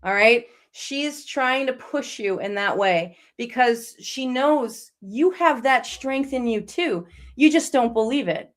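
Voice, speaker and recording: A woman with a high voice hosts a live psychic reading show. She talks to her guests in a reassuring, encouraging way. She speaks informally and chattily. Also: expressive, takes it slowly, hardly any pauses. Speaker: psychic medium host.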